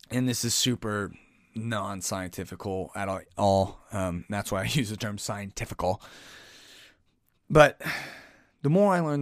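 Speaking solo on his podcast, a man with a fairly low voice rambles casually, sighing, restarting and correcting himself. He calls himself aggressive and in your face. The audio is studio quality, with no echo.

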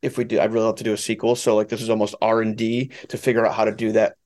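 A man's voice: on the low side, level tone, very fast, darkish tone. A man talking as a film director in a casual interview, rambling and profane with lots of fillers.

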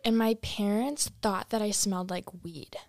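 A young woman chatting as a podcast guest, telling a story with lively acted-out quotes. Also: mid-range voice, moderate pace, no room sound. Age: young adult. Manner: animated storyteller, acts out quotes. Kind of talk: casual chat.

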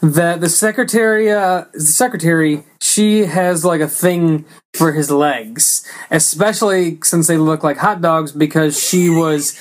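A man with a notably high voice talks through a movie in a loose, casual chat. He rambles, stops and restarts his sentences, and acts out lines from the scenes as he recaps them. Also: unhurried.

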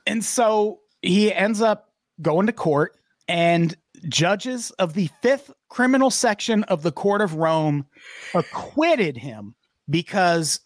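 A man's voice: sits high, dry recording, clean studio sound. A man hosting a podcast, telling news stories in a profane, sarcastic way. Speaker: podcast host. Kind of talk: casual podcast banter.

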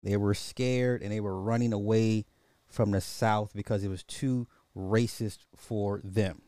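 Podcast host, male, mellow voice in a dry room, needling and repetitive. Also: fairly low pitch, steady tone, measured pace, no room sound. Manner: repeats rhetorical questions, mocking and chuckling. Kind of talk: casual social commentary monologue.

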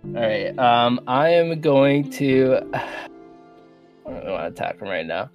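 A man plays through a tabletop combat turn at an unhurried pace, his voice swinging widely in pitch as he laughs and curses. Soft background music plays under the session. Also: very animated, lo-fi sound. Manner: laughs often, swears casually. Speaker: player. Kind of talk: casual tabletop game play.

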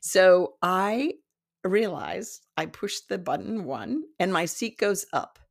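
A woman in her fifties, a psychic development teacher, telling a personal story in casual talk, animated, laughing often and acting out what people said. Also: lowish voice, takes it slowly, gravelly. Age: 50s. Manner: animated, laughs often, acts out quoted dialogue.

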